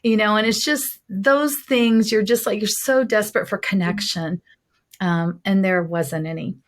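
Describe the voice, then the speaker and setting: A woman's voice: mid-range voice, steady tone, measured pace. A middle-aged woman, a guest in an interview, telling her personal testimony in an earnest, heartfelt way.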